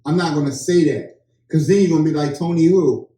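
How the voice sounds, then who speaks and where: A man's voice: fairly high pitch, brisk, warm tone. A young adult man in casual chat, joking and acting out everyday dialogue as a storyteller. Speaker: podcast co-host. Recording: roomy, distant mic.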